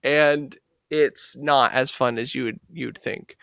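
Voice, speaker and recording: A man's voice: medium pitch, fairly even intonation, a little slow, gravelly, clear, resonant tone, no echo, studio quality. A man in his twenties, co-hosting a podcast, telling a rambling story with lots of swearing and fillers. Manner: rambling storyteller, swears a lot, acts out quotes loudly. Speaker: podcast co-host. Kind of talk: casual chat.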